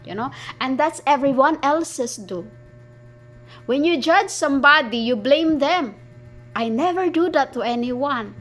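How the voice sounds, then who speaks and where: High-voiced woman rambling on spirituality. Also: lively intonation, fairly bright tone, soft background music, rough recording. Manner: halting, repeats and restarts words. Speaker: spiritual speaker.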